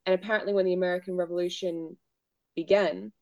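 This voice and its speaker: Chatty, animated woman podcast co-host. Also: on the low side, fast talker, no room sound. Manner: animated and chatty, laughs easily. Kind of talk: casual chat.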